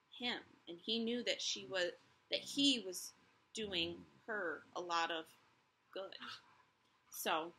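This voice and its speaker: A woman teacher reading a chapter book aloud to her students, gently pausing to ask questions and reflect. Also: mid-range voice, a little hiss or hum, poor audio.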